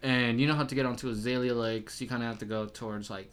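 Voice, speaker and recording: A young man in his early twenties talks in relaxed podcast chat. His story runs on profanity and rising animation, with frequent laughs. His voice sits at an ordinary middle pitch for a man. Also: fast, smooth. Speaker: podcast guest.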